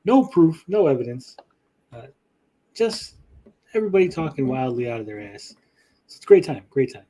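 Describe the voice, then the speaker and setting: A man hosting a podcast in casual chat, swearing freely and talking with pauses. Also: mid-range voice. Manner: chatty, swears often, lively swings in loudness; speaks with pauses. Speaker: podcast host and YouTuber.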